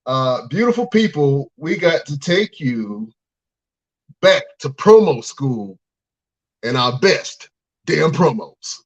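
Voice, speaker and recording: A man hosting a wrestling podcast, excitable and hyping up his guests. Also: a little high, takes it slowly. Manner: excitable, hypes up the exchange. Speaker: podcast host. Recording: dull lo-fi audio.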